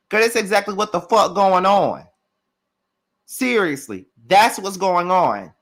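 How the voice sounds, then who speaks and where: A man's voice: high voice, sing-song, moderate pace, fairly bright tone. A man hosting a reality TV review, ranting with lots of profanity and talking straight to his viewers. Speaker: show recap host. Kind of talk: heated reality TV review rant.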